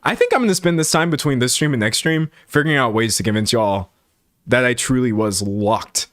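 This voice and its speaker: A man's voice: mid-range voice, brisk, no echo, clean studio sound. A man from Texas hosting a casual stream, reading chat aloud and laughing often. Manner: animated, laughing, talks to chat. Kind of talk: casual chat reacting to videos.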